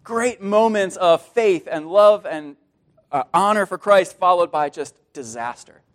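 A man preaching a sermon to his congregation, earnest and animated, often repeating a word as he speaks. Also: sits high, a little slow. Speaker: pastor.

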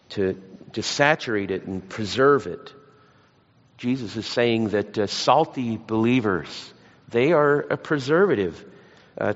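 A man preaching a sermon, mixing scripture with folksy, self-deprecating stories. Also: medium pitch. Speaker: pastor. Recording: lo-fi church hall recording.

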